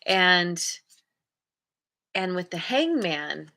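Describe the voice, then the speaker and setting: Woman, tarot reader, unhurried delivery, bright tone, thoughtful, pauses to find words. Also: fairly low pitch, very animated, creaky. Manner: thoughtful, searching for words while reading cards aloud. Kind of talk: casual intuitive tarot reading.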